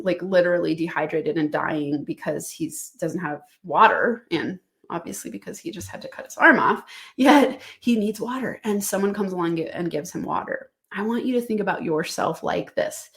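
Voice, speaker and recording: A woman's voice: on the low side, moderate pace. A woman hosting a motivational business podcast, talking straight to the listener in an upbeat, direct coaching manner.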